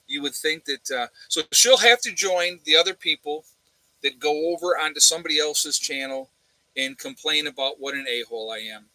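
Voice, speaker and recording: A man's voice: on the high side, moderate pace, sharp tone, dry recording, low-quality recording. A man hosting a casual livestream chat from home, blunt and sarcastic, rambling with lots of uhs and ums. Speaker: channel host. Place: home room with a fan.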